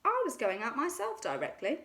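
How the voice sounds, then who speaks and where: A woman's voice: fairly high pitch, huge pitch swings, normal speed, a bit bright, full character voice. Woman doing Rabbit, a prim fussy rabbit. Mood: polite. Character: fussy polite male rabbit.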